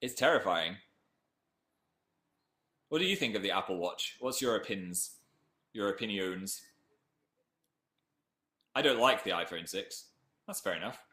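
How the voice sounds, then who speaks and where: A man's voice: lowish voice, lively intonation, a little slow, pauses often, pushed and bright, roomy sound. A young man with a Northern English accent, chatting casually on a live stream and reading viewer comments aloud. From Northern England.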